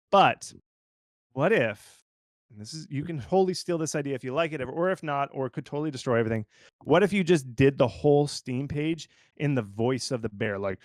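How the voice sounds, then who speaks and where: A man who is a game marketing consultant, giving casual, animated advice full of "like" fillers. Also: a little high, normal speed, dry recording, clean studio sound. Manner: animated and informal, lots of fillers like "like". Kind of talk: conversational expert commentary.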